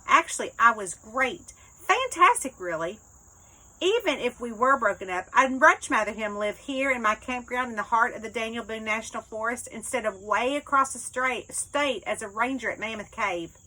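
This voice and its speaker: A woman author narrating her own novel in the first person, with lively, expressive storytelling. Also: fairly high pitch, normal speed, low-quality recording. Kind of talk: first-person book reading.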